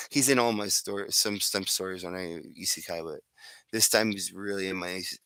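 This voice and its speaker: A man's voice: deep voice, moderate pace, sharp tone, clean tone, no echo. A man casually telling his own improvised fan story, rambling with restarts and asides.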